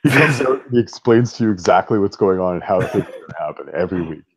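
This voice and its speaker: A man's voice: low voice, animated, quick pace, slightly rough. A man co-hosting a casual podcast chat, blunt and swearing casually. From Canada. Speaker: podcast co-host.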